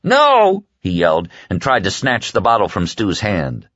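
A man narrating an audiobook in a measured, expressive reading. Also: low voice, breathy edge, dry recording. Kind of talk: scripted narration. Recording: dull lo-fi dry recording.

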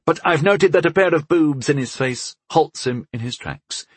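Brief: a man doing a frank young woman healer, wry and patient, lifted a little higher than his own voice, husky, lively. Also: moderate pace, dry recording. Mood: amused. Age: 20s. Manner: patient, amused, matter-of-fact.

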